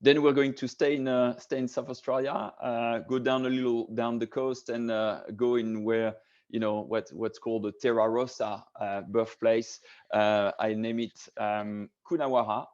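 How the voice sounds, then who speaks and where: A man's voice: medium pitch, little pitch movement, normal speed, a little mellow. Hesitant man hosting a video-call wine tasting. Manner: hesitant, many fillers and restarts. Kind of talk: casual hosted tasting talk. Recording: dull lo-fi video call audio.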